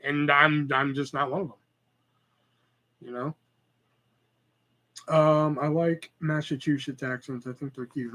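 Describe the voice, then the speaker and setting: A man's voice: a little high, fairly even intonation, a little slow, long pauses, pushed and bright, poor audio. A man in his thirties hosting a casual solo podcast, rambling and profane with lots of fillers and stutters. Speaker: podcast host.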